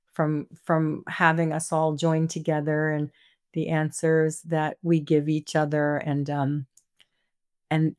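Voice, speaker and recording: A woman leading a spiritual group over a video call. She speaks gently and affectionately, often trailing into fillers. Her voice sits slightly low and sounds dry and close. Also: smooth, no room sound. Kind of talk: online group session.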